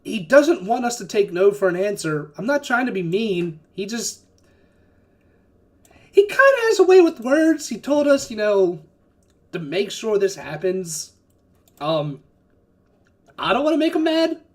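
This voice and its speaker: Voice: medium pitch, sing-song, measured pace, pauses often, pitched above the performer's own voice. A game master voicing an anxious male henchman in a tabletop game who stammers and pleads. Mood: nervous pleading.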